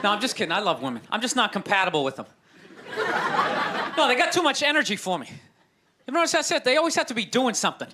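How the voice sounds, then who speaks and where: A man's voice: high-pitched, big pitch swings, fast talker, pauses often, bright, forceful tone. A man doing a profane, sarcastic stand-up comedy set in front of a live audience. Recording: live stand-up recording with crowd and noise.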